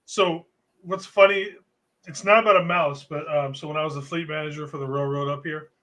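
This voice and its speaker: Bright-voiced profane podcast man. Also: on the high side, steady tone, a little fast. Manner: profane, storytelling, laid-back. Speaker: podcast co-host. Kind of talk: casual sports podcast chat.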